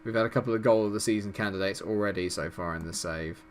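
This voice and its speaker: A man doing live commentary over a football management game, exasperated and swearing, swinging from low mutters to loud outbursts. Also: fast, a little hiss or hum. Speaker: gaming commentator.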